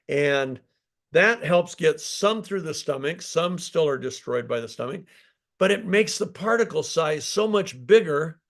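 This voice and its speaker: A man's voice: fairly high pitch, vocal fry, fairly bright tone. An older man, a company founder, giving a live product talk in an emphatic storytelling way, with many fillers and restarts.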